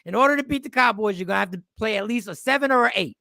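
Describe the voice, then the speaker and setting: Gravelly, bright-voiced man talking football. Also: sits high, expressive, racing, no echo, clean studio sound. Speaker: sports talk panelist. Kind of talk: casual sports talk.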